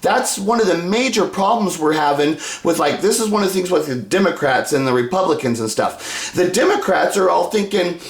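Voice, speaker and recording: Man with a high voice, rambling monologue. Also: expressive, fairly quick. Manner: rambling, restarts sentences, swears heavily; works up into shouting rants. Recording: echoey room.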